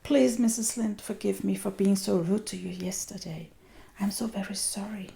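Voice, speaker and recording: A woman with a Danish accent voicing an excitable, talkative orphan girl in a soft, whispered role-play. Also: mid-range voice, normal speed, creaky, voice pushed up. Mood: contrite.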